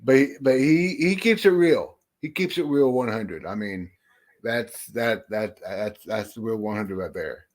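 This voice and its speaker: The voice here belongs to a man, fairly low in pitch, moving at a measured pace. He's a livestream host chatting casually, greeting viewers and talking bluntly with plenty of swearing and frequent restarts.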